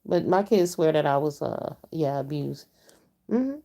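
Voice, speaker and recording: Middle-aged lady vlogging, dark gravelly voice, cussing and going mm-hmm a lot. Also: sits low, animated, a little slow. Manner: blunt and profane, with frequent mm-hmms. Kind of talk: casual rant to viewers.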